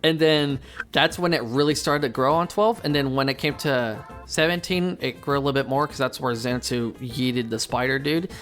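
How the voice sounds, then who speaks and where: A young man hosting a casual anime review chat, excitable and slangy, swearing freely. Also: medium pitch, normal speed. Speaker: host. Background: faint game music.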